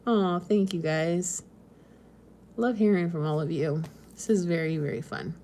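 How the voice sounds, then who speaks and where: A woman's voice: on the low side, steady tone, a little slow, warm tone, a little hiss or hum. A woman from the West Coast hosting a casual live stream, chatting and reading viewer comments in a meandering way with frequent ums and small laughs. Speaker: homesteading channel host.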